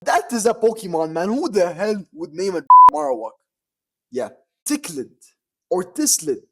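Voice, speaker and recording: A young man chatting casually as a vlogger, excitable and slangy, often breaking into laughter. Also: high-pitched, normal speed, husky. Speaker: quiz vlogger. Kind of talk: casual chat.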